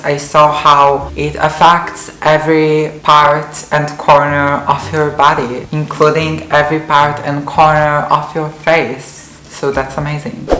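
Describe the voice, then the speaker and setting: A young woman vlogging in a chatty, earnest way, filling her talk with "like". Her voice sits low and stays fairly level. The recording is roomy, with a faint hiss underneath. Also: fairly bright tone. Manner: chatty, earnest, many "like" fillers. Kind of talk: casual talk to camera. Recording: roomy echoey room.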